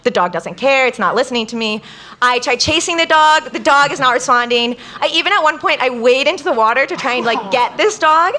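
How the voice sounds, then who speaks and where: Young woman, comic storyteller, high voice, crisp bright tone, lots of "like", live stage. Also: fairly quick. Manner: chatty, peppered with "like", quotes people in lively bursts. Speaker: guest storyteller.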